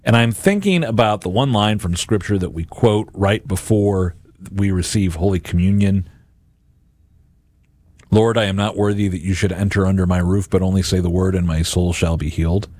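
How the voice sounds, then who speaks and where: A deep-voiced man hosting a Catholic radio and podcast show offers a homily-like reflection at normal speed, animatedly acting out imagined voices. There is no room sound.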